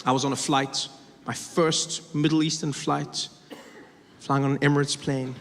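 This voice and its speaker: Animated stand-up comedian in a big hall. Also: male voice, on the high side, a little slow, slight background noise. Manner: animated, self-mocking storytelling. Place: large theater on stage. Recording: echoey hall with loud crowd. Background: audience laughter.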